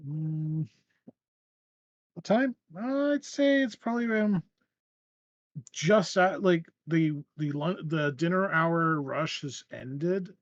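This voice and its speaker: A man running a tabletop game, his voice sitting a touch high. He narrates in a loose, rambling way, circling back and restarting, and the audio is dull and very dry. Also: animated, takes it slowly, long pauses, dry recording. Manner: rambling, with many fillers and restarts. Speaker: game master.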